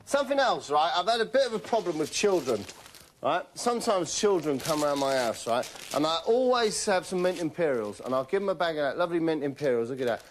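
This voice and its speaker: A man hosting a comedy show, delivering a rambling deadpan monologue and keeping tagging his lines with "right?". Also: fairly high pitch, a little fast, a little hiss or hum.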